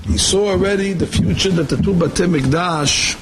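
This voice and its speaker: A man teaching a Torah sermon, firing rhetorical questions and reading quotes quickly. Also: high-pitched, background noise. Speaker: rabbi giving a Torah class. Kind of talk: Torah sermon mixing English and Hebrew.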